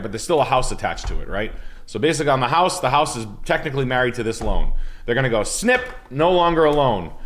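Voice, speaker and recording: A man hosting a casual podcast chat, rambling and swearing, and often checking in with "right?". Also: medium pitch. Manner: rambling, profane, keeps asking "right?". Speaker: podcast host.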